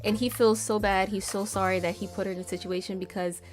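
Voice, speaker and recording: A woman's voice: medium pitch, level tone, quick pace, faint music behind. Chatty woman telling a storytime. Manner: chatty, retells stories acting out quotes with frequent "like". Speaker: storytime host. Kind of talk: casual storytelling.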